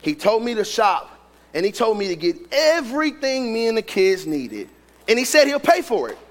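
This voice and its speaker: A man's voice: high voice, big pitch swings, moderate pace. A man voicing a desperate, tearful mother who pleads earnestly in a sermon story. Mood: pleading. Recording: long reverb of a large hall.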